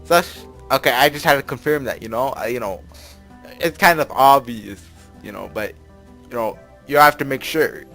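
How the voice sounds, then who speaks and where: A man's voice: mid-range voice, moderate pace, gravelly, a bit bright, faint music behind. A young man reading a visual novel aloud and commenting on it, rambling, with lots of filler words and laughs. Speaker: let's play narrator.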